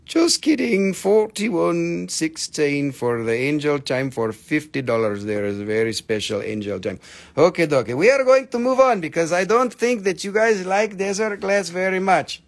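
A man with a high, very lively voice hosts a live sales stream, counting pieces aloud and knocking down prices. He jokes constantly in a playful, teasing way. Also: moderate pace. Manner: joking, playful, bursts into song. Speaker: live-stream seller of minerals.

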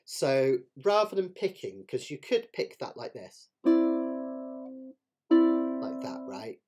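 A man's voice: mid-range voice, sing-song, slow, over loud music. A man teaching a live online ukulele lesson, chatty and self-deprecating, explaining each point as he demonstrates it. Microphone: webcam setup with close camera. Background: ukulele playing.

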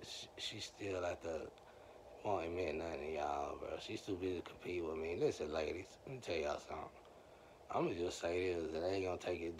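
Man, deep voice, gravelly fry, slangy rambling talk to viewers. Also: background noise. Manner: loose slangy storytelling, talks straight to viewers. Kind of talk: rambling casual monologue to viewers.

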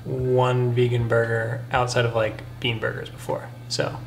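Very low-voiced woman tasting food. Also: fairly even intonation, a little slow, creaky, reverberant, soft background music. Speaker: taste tester. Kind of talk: casual chat.

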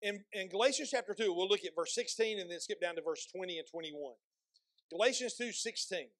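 A male pastor preaching a sermon, asking the congregation questions and slowing down to read scripture aloud with emphasis. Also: high voice, a bit bright, no room sound. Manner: slows and stresses when reading scripture aloud; repeats words and restarts phrases, asks the congregation questions.

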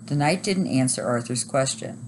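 A woman teacher reading a chapter book aloud at a steady, even pace. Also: extremely low pitch, moderate pace, a little hiss or hum, low-quality recording.

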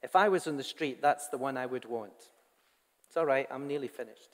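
A man's voice: mid-range voice, a little fast. Man preaching in a reverberant church. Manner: earnest, conversational preaching with asides to the congregation. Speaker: pastor. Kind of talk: sermon. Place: church hall.

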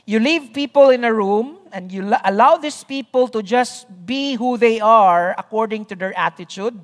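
A pastor preaching a sermon, deliberate and repeating key phrases, often checking in with the congregation. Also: mid-range voice. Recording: reverberant church hall.

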